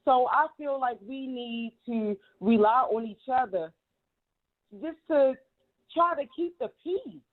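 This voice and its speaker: A woman's voice: sits high, slow pace. A woman giving heated, emphatic commentary, repeating herself and cursing freely. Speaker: guest commentator. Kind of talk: casual commentary. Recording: tinny phone line.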